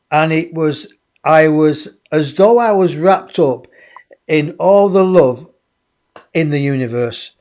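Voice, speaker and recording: A man, a guest in an interview, telling a personal story in a lively way and acting out other people's voices. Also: a little high, takes it slowly. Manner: animated, acts out others' voices.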